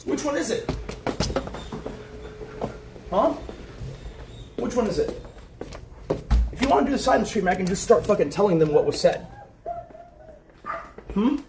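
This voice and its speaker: A man's voice: high voice, sing-song, a little slow, pauses often, over music. A man arguing heatedly and profanely with his wife at home, in a confrontational, ranting manner. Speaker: streamer's husband. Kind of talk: heated argument on a livestream. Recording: roomy, distant mic with loud background noise and dogs.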